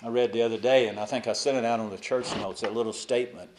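A male pastor preaching a sermon, moving between loud emphatic lines and soft asides, and putting rhetorical questions to the congregation. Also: medium pitch, fairly even intonation, fast talker.

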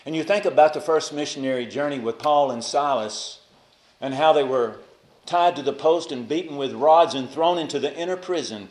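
A man's voice: medium pitch, animated, moderate pace. Preacher man in an echoey room. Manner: impassioned, swings from hushed to raised emphasis. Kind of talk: sermon.

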